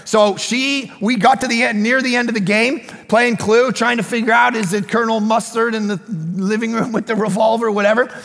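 A man preaching a sermon as pastor, telling a story with animated energy and sudden shouted bursts. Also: very high-pitched, fairly quick, gravelly, hardly any pauses, long reverb tail. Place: church sanctuary.

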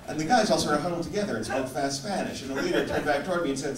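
A man performing stand-up storytelling on a theater stage, wry and measured. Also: on the high side. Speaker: stand-up comedian. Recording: echoey live theater from far off, loud noise.

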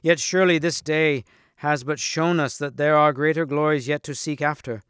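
A man's voice: on the high side, fairly even intonation, moderate pace, a bit bright, clean tone, dry recording, clean studio sound, natural voice. A man voicing a fervent knight who speaks in an earnest, rousing way for a storybook reading. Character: fervent, eager knight vowing a quest.

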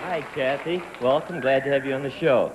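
A man's voice: mid-range voice, a crowd in the background. A man hosting a 1970s television game show, upbeat and jokey, walking contestants through their stunts on a studio stage. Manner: brisk, jokey, giving instructions to contestants. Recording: 1970s TV studio with long reverb and music.

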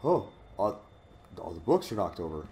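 Lively, jumpy gamer guy. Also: low voice, moderate pace, a little hiss or hum. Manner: jumpy, swears a lot when startled. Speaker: let's play host. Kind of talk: horror gameplay commentary.

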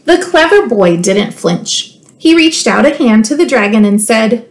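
A woman school librarian reading a children's storybook aloud, expressive and playful, with teasing asides to her listeners. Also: on the high side, a little slow.

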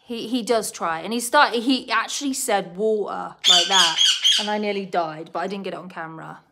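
In a slightly fast, mid-range voice, a British woman talks casually to her live audience and scolds her pet bird between sentences. The very noisy recording is full of loud parrot squawks and clicks.

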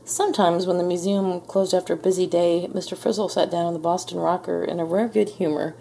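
A woman reading a children's picture book aloud in a gentle, measured storytelling manner. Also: lowish voice, steady tone, gravelly, slight background noise. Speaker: storybook reader. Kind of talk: children's read-aloud narration.

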